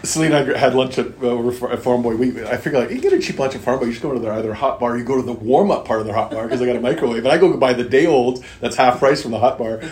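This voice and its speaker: A man's voice: mid-range voice, racing, hardly any pauses, darkish tone. A middle-aged man talking earnestly and at length in a casual faith conversation, circling back and stressing his points. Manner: earnest, rambling, emphatic. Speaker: podcast co-host. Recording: echoey room, faint ambience.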